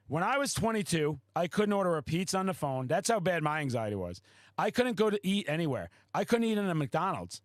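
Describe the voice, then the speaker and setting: A man hosting a podcast, a loud, excitable storyteller who swears often in casual chat. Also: high-pitched, no room sound. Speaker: podcast host.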